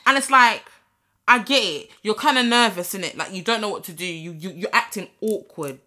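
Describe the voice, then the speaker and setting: A woman's voice: mid-range voice, fairly quick, pushed and bright. A young woman, co-hosting a podcast and telling a story animatedly, swearing and slipping into patois. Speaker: podcast co-host. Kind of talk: casual chat, storytelling.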